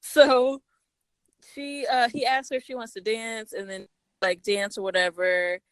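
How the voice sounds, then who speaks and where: A woman co-hosting a podcast, casually retelling a story and quoting its characters in a lower voice. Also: measured pace, smooth, no echo. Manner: relaxed, chatty, quoting characters in a lower voice, laughs often. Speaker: podcast co-host reviewing a story.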